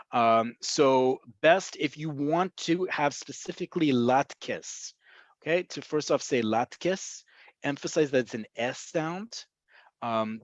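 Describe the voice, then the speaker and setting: A man's voice: medium pitch, no echo. Chatty man teaching a web class. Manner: explanatory, chatty, many ums. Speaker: Hebrew teacher. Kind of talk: online language lesson. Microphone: video call microphone. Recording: slightly dull lo-fi call audio.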